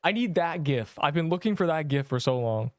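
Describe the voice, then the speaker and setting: A man's voice: fairly high pitch, expressive, brisk, dry recording. Playful man streaming a game, dry sound. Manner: playful and self-mocking, reacting to chat. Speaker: streamer playing an online game. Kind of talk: live gameplay stream, chatting with viewers.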